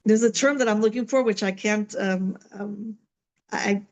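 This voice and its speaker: A woman's voice: mid-range voice, measured pace, low-quality recording. Chatty woman teaching Torah. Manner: conversational, many fillers and "right?" asides. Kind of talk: online Torah class. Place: at home.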